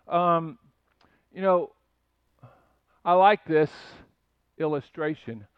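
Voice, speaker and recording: High-voiced older male pastor preaching. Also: slow pace, clear, resonant tone, no echo, phone-quality sound. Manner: conversational storytelling with asides and rhetorical questions. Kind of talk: sermon.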